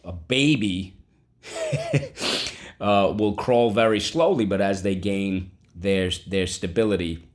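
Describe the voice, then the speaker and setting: A man's voice: deep voice, a little slow. A man teaching a vocabulary lesson, spelling words out and checking in often with the class. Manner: animated, spells words aloud and checks in with "okay? right?".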